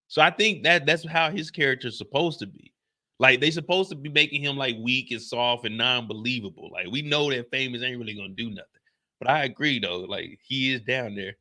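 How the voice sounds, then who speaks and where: Reviewing a TV episode on his live stream, a young man speaks briskly in a medium-pitched, pushed and bright voice. He keeps things casual and chatty, repeatedly saying "like" and "you see what I'm saying."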